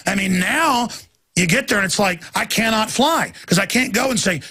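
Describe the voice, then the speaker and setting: A man's voice: high-pitched, lively intonation, moderate pace, bright, forceful tone. A man hosting a talk show, ranting emphatically and jumping from one story to the next. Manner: ranting, emphatic, jumps between stories. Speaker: radio talk show host. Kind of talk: heated monologue.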